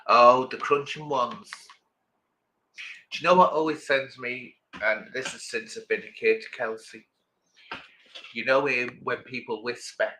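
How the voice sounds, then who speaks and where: A middle-aged man hosting a livestream, with a bright, forward tone. He talks to his viewers in a loose, rambling way and greets them by name between thoughts. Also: medium pitch, steady tone, unhurried, pauses often, a little hiss or hum, low-quality recording. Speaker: livestream host. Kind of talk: casual chat with viewers.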